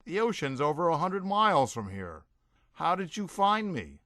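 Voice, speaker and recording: A jumpy, sheepish rock musician, stammering excuses, voiced by the narrator. Bright, lively delivery in a dry close recording. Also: male voice, a little high, normal speed, dry recording, voice pushed up. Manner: excitable, stammering.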